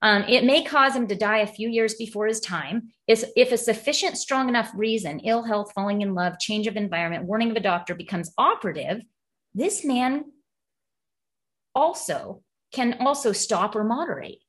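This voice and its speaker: A woman with a fairly high, slightly bright voice talks at a moderate pace in a casual way at a recovery group. She explains a passage and tells stories in a chatty manner, with many asides and frequent laughter.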